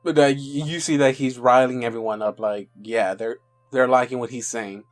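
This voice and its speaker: A man's voice: medium pitch, steady tone, soft background music. Casual man running a tabletop game. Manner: casual, halting, many restarts. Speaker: game master.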